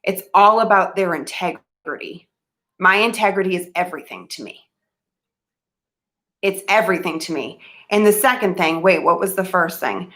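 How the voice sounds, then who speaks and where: Earnest woman with a bright drawl. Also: fairly low pitch, normal speed. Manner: earnest and emphatic, loses her train of thought. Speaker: vlogger giving money advice. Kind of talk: casual talk to camera.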